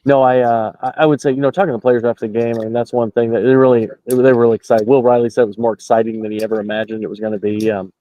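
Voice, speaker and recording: A man reporting by phone from a basketball arena, rambling through his postgame take with plenty of fillers and restarts. His voice is dark and mellow. The call sounds dull and lo-fi and very dry. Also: mid-range voice, level tone, rapid-fire, hardly any pauses, no room sound. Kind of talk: casual postgame analysis. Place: basketball arena, just out of the locker room.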